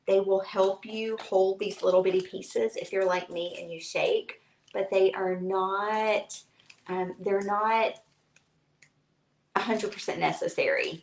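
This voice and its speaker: A woman hosts a casual live craft stream, chatting freely and rambling through stories with plenty of fillers. Her voice sits at an average pitch. The room sounds echoey, with faint noise behind her. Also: gravelly, a bit bright.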